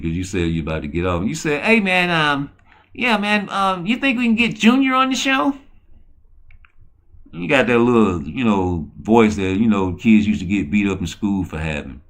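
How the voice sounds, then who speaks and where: A man hosting a boxing commentary rant, rambling and peppering his talk with "you know" and "man". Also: lowish voice. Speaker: host.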